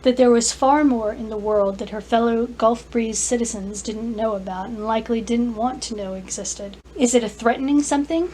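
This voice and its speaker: A woman author reading her own fantasy story aloud, careful and clear, with small restarts. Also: a little high, fairly even intonation, normal speed, hardly any pauses, warm tone, a little hiss or hum, poor audio. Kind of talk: scripted narration, story reading.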